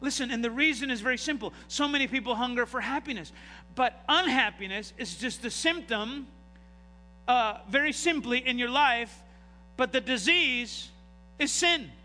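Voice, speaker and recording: High, bright-voiced preaching pastor. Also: male voice, normal speed. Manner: animated preaching with rhetorical questions. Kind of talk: sermon. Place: church sanctuary. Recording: hall reverb, faint noise.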